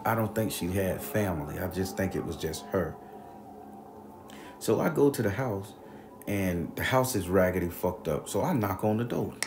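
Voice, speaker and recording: A man with a fairly low voice recounts a ghost encounter in loose, rambling conversation. He swears freely and gets animated as he retells the exchanges, with faint background hiss. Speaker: storyteller. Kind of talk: casual spoken ghost story.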